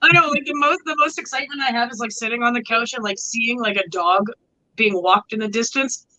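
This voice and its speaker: A woman's voice: fairly high pitch, brisk, pushed and bright, low-quality recording. A tired woman, co-hosting a livestream over a phone mic, rambling in casual chat full of "like" and swearing. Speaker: livestream co-host. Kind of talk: casual late-night chat.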